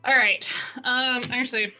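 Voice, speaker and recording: Bright-voiced woman game master. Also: fairly high pitch, fairly even intonation, unhurried, faint music behind. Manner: loose and chatty, lots of fillers. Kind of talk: casual tabletop game narration. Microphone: online call mic.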